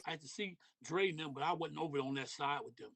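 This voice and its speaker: A man's voice: on the high side, quick pace, a crowd in the background. A middle-aged man from Detroit, a podcast guest in casual interview chat, talking loosely in street slang with lots of "you know what I mean".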